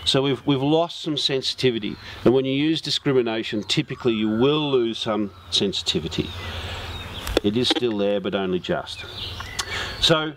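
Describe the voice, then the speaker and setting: A man giving a steady, explanatory product demonstration, talking through each step as he sweeps over test targets. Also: medium pitch. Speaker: metal detector demonstrator. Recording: steady noise and detector beeps behind voice.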